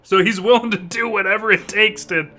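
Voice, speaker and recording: A man's voice: high-pitched, fairly even intonation, brisk, pushed and bright, a little hiss or hum. A young man chatting casually while gaming, telling a story animatedly, swearing often and laughing mid-sentence. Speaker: co-op gaming channel host.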